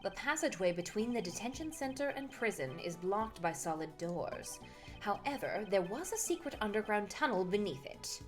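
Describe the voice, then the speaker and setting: A woman voicing a composed, formal male prosecutor from a game, with a lowered, measured delivery. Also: lively intonation, soft background music, natural voice. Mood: deductive.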